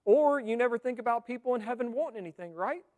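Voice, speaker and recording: This pastor's voice is very high and darkish in tone, and he delivers his sermon quickly and with animation. He keeps it conversational, regularly asking the congregation questions, and the church hall around him is full of reverb.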